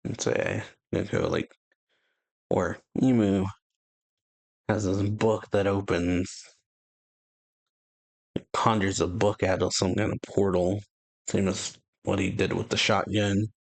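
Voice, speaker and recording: A man hosting a reaction video, retelling and reading a comic chapter aloud in a halting way full of fillers. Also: deep voice, little pitch movement, gravelly, dry recording. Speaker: channel host.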